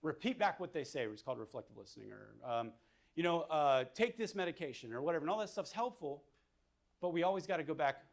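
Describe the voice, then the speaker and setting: Fairly high-voiced male counselor, relaxed lecture style, talks through ideas as he sketches. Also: quick pace, vocal fry. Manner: casual, thinking aloud with fillers. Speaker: mental health counselor. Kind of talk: whiteboard lecture.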